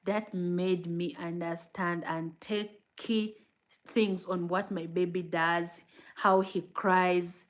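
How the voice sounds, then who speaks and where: A new mother vlogging casually to her viewers, telling stories in an animated way and acting out what she said back then, with fillers and frequent laughs. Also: lowish voice, slow pace. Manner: animated storytelling, acting out her own past words. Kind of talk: casual chat answering viewer comments.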